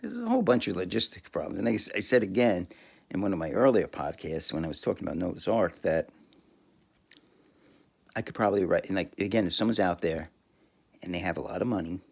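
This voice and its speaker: Gravelly, rambling man who laughs a lot. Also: deep voice, animated, a little fast, a little mellow. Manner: crude, laughs often, rambling with many restarts. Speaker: podcast host. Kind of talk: rambling solo monologue.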